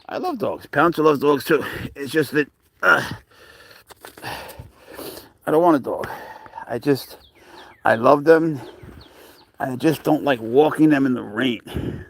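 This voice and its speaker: A man's voice: mid-range voice, slow, vocal fry, long pauses, a little hiss or hum. A man casually chatting with viewers on a live stream while walking his pet cat outdoors. He rambles, calls people bro, and his voice jumps up when he coaxes the animal.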